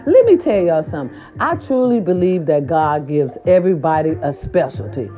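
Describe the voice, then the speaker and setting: A woman vlogger telling a story and then giving a pep talk, animated and profane, slipping into quoted voices. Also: deep voice, normal speed, hardly any pauses. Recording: dull lo-fi recording with faint music.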